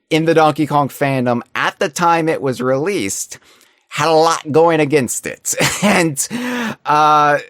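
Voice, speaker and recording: A man's voice: mid-range voice, a bit bright, no echo, clean studio sound. A man talking as a podcast guest, reflective and earnest, explaining his views at length in casual chat.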